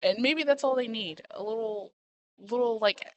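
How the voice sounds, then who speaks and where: A young woman streamer giving casual reaction commentary, animated and slangy, peppering her talk with "bro" and "freaking". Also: fairly high pitch, normal speed, highs cut off. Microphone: desk mic.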